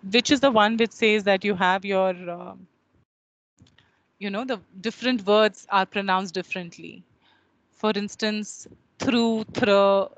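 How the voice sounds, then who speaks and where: A woman's voice: mid-range voice, fairly bright tone, low-quality recording. A woman with an Indian English accent gives an online class lecture, explaining in a teacherly way with many uh fillers and often checking in with her students. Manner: explanatory, with frequent checking questions.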